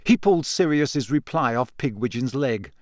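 A man narrating an audiobook in a measured, even storytelling manner. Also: mid-range voice, dry recording. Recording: dry close studio sound.

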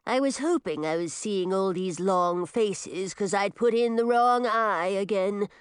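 A woman's voice: mid-range voice, a little slow, clear, resonant tone, no room sound, studio quality, natural voice. A woman voicing a cheery, eccentric old witch with a chatty, folksy manner.

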